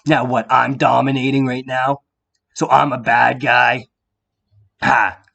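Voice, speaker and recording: Guy ranting into the camera, average pitch, lots of rhetorical questions and swearing, goes quiet and calm sometimes. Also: takes it slowly, gravelly. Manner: confrontational, rhetorical questions, profanity; drops into a quiet calm voice at times. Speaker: vlogger. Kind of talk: heated monologue to the viewer.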